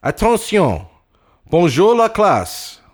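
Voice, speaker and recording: A man's voice: high-pitched, huge pitch swings, slow pace, voice pushed up, heavily acted. A man putting on a fussy old French teacher. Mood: exclamatory. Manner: theatrical, loud, emphatic greetings. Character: fussy older male French teacher nearing retirement.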